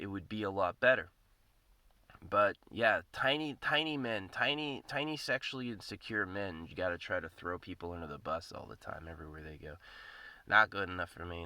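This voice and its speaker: A man hosting his own podcast, delivering a profane, rambling rant that circles back on itself. His voice sits fairly low but has a bright, forceful edge, and the recording is dry and close with no room sound. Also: no echo. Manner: profane, rambling, repeats himself. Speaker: podcast host. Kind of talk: casual ranting monologue.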